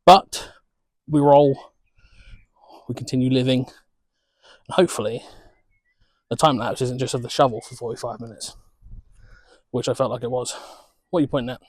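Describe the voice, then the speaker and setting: A man's voice: mid-range voice, steady tone, normal speed, long pauses, darkish tone, no room sound. A young man, chatting casually to camera in a home vlog, joking and laughing as he goes. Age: young adult. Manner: chatty, jokey, laughs often. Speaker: vlogger.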